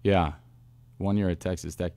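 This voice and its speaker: A man, a football coach, telling stories in a casual interview with lively asides and restarts. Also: deep voice, dry recording. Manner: animated storyteller, quick asides and restarts. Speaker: wide receivers coach, guest.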